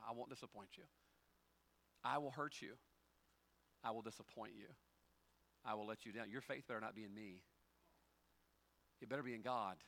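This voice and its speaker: With a mid-range voice and some vocal fry, this man preaches as a pastor in a homey, conversational style. He alternates between soft storytelling and loud, building exhortation.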